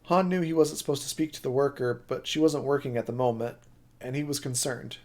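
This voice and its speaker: A man reading a novel aloud on a live stream, steady but with occasional slips that he corrects. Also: medium pitch, fairly quick.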